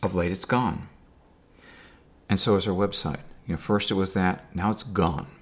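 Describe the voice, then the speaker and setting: Talking to camera, a video diarist delivers a rambling personal monologue with dry, sarcastic humor, packed with fillers and restarts. He has a low voice and speaks at a moderate pace.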